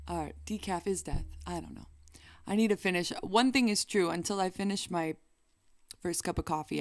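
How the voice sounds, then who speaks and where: A woman's voice: on the low side, no room sound, studio quality. A woman singer and vlogger talking casually to the camera in a playful, chatty way. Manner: playful and chatty, bursts into song.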